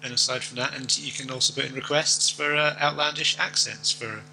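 A man's voice: mid-range voice, fairly even intonation, brisk, gravelly, sharp tone, slight background noise, low-quality recording. A man co-hosting a podcast in casual chat, rambling a little as he signs off. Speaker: podcast co-host.

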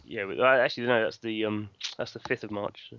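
A man chimes in on a tech podcast panel, talking quickly and correcting himself as he goes. His voice is on the low side, a little off-mic, and the recording is dull and lo-fi. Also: a bit bright, clear, resonant tone. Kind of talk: casual tech podcast chat.

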